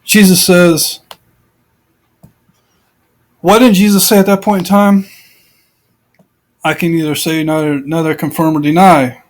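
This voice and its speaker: A man's voice: fairly high pitch, little pitch movement, unhurried, pauses often, poor audio. A man giving informal, rambling commentary on scripture, repeating himself and piling up rhetorical questions. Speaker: Bible commentator.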